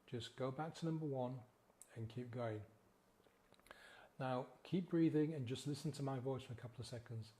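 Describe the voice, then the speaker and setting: A man guiding a slow, gentle breathing exercise as a sobriety coach, counting the breaths in a soothing way. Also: mid-range voice.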